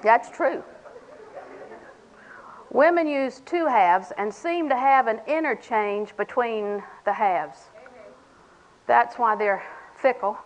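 An older woman with a drawl preaches a homespun sermon, her voice sitting a little high for a woman. She jokes with the room and slips into small acted-out exchanges. A faint hiss of room noise sits under her voice. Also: slow, pauses often, rough recording. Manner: folksy, humorous, acts out little dialogues. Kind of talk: sermon to a women's audience.

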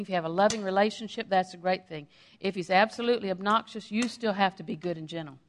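A middle-aged woman giving a sermon in a conversational way, acting out quotes of her own everyday talk. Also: medium pitch. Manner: conversational preaching with acted-out quotes of herself. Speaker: preacher.

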